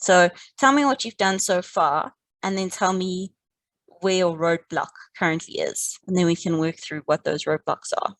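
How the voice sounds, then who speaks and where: A woman teaching a live online maths lesson, calmly and encouragingly talking students through each step. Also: lowish voice, moderate pace, no echo, rough recording. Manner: encouraging, calm, talks students through steps.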